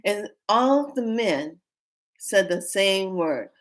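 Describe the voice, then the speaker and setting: A woman vlogger telling a story in a casual way, animated and often breaking into laughter. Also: mid-range voice, slow.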